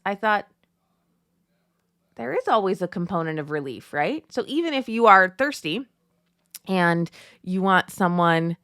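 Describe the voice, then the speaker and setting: A woman in her thirties hosting a devotional show, talking casually and telling family stories with lively retellings. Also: on the low side, no echo, clean studio sound. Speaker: podcast host.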